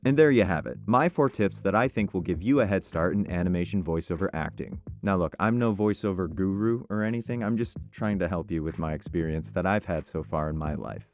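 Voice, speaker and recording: A man's voice: low voice, fairly quick, few pauses, a little mellow. A voice actor, a man, giving upbeat and encouraging career tips in a casual, conversational way. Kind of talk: casual advice vlog.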